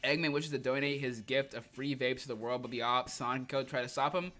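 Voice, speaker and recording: A man's voice: mid-range voice, fast talker, fairly bright tone, faint music behind. A man livestreaming a comic reading, joking in heavy slang and laughing often. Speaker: streamer.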